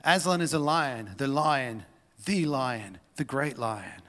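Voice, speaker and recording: A man's voice: medium pitch, expressive, a little slow, fairly bright tone, long reverb tail. A male preacher voicing an earnest talking beaver from a storybook, speaking emphatically and insistently.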